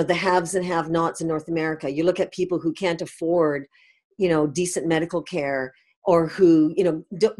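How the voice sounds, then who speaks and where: Her voice is low, darkish and slightly rough: a middle-aged Canadian woman, founder of a company, being interviewed on a podcast. She speaks with emphasis and frequently checks in with a tag of "right?".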